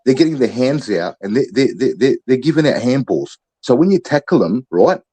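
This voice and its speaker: A man's voice: medium pitch, big pitch swings, brisk, warm tone, breathy edge, rough recording. An Australian man on a podcast, ranting in a fired-up, profane way about how the team should play, like a coach giving orders. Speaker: podcast panelist. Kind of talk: heated sports chat.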